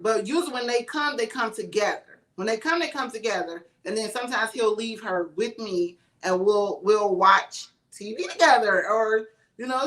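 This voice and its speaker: A woman with a bright, forceful tone and a fairly high voice, chatting casually as a livestream guest. She tells her stories with animation and slips into the voices of the people she quotes. Her speech carries a Black flavor. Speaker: psychic medium guest.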